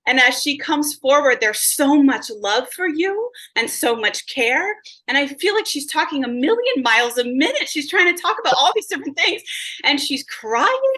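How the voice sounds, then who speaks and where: A woman medium with a bright, forceful voice, pitched a little high. She gushes and chatters through a spirit reading, with filler words everywhere. Her tone is eager and effusive. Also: sing-song, normal speed, rough recording. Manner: bubbly and gushing, many filler words. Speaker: psychic medium.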